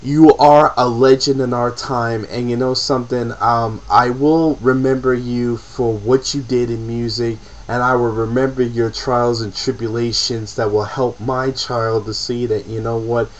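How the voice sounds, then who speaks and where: An emotional man delivers a profane, repetitive rant straight to camera in an ordinary mid-pitched voice. The audio is dull and lo-fi, like a cheap webcam mic. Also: flat delivery, unhurried, hardly any pauses. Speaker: vlogger. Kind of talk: impassioned personal rant to camera.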